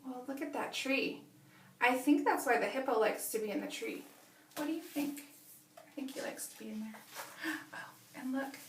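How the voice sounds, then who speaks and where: A woman teacher reading a picture book aloud to young children, stopping often to ask them animated questions. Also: sits high, distant mic, a little hiss or hum. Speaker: preschool teacher. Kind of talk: children's story read-aloud lesson. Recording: echoey room, away from mic.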